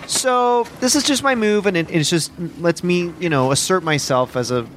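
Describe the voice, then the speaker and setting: A man's voice: sits high, normal speed, a bit bright, slight background noise. Brash tipsy male podcast host. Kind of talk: comedic podcast banter. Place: outdoors on a boat deck.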